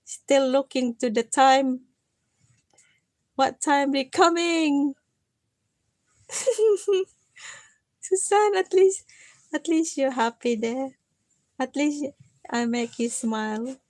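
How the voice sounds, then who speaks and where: A tired woman chatting on a casual live stream, gently coaxing and self-mocking, often repeating her listener's name. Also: high-pitched, takes it slowly, long pauses, no room sound. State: tired from lack of sleep. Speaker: livestreamer.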